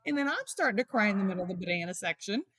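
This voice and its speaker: Animated middle-aged woman telling stories. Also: mid-range voice, racing, husky, no echo. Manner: emotional, animated storytelling. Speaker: guest, author and mother. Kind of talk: conversational interview storytelling.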